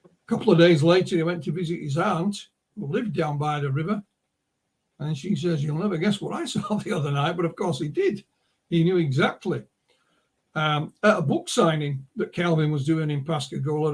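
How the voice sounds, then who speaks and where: Husky man telling stories. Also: on the high side, moderate pace. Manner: rambling anecdotal storyteller, full of asides. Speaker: author and publisher guest. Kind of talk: casual interview storytelling. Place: remote interview call.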